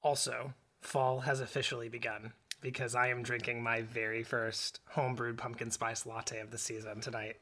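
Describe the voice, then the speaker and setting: A man's voice: medium pitch, level tone, normal speed, bright, forceful tone. A man in his thirties co-hosting a podcast in casual chat, joking and teasing, chuckling often. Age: 30s. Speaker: podcast co-host. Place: home studio blanket fort.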